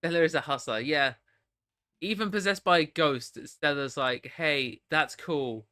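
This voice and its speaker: A streamer narrating and joking through a story game, animated. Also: medium pitch, moderate pace, dry recording, clean studio sound. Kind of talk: let's play commentary and narration.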